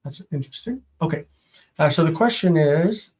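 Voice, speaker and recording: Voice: mid-range voice, animated, rough recording. A Biblical Hebrew teacher on a live-streamed homework review, translating phrase by phrase and correcting small slips along the way. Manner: slow, deliberate phrase-by-phrase translating with self-corrections.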